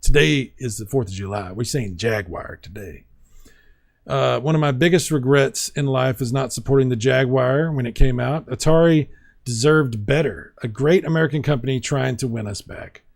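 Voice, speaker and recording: A man's voice: medium pitch, moderate pace, vocal fry. A man hosting a casual video game livestream, reading viewer comments aloud with playful asides and frequent laughs. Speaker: livestream host.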